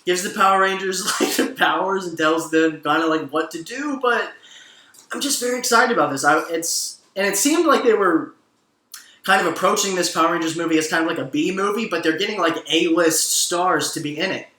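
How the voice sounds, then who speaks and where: Excitable male host, bright forceful voice, echoey room, laughs often, casual and profane. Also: high-pitched, brisk. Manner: excitable, laughing, profane, addresses "ladies and gentlemen". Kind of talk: casual entertainment news commentary.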